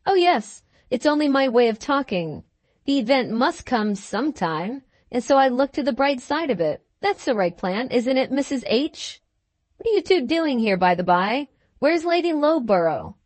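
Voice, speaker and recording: A woman's voice: high voice, big pitch swings, normal speed, a little mellow, no echo. A woman doing a jovial blustering husband. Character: bluff hearty young husband, boastful, teasing. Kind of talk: storybook dialogue.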